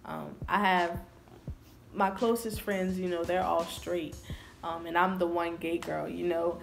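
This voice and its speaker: Slow-talking young woman telling her story. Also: lowish voice, fairly even intonation, creaky, soft background music. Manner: earnest and confessional. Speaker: vlogger. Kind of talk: personal storytelling to camera.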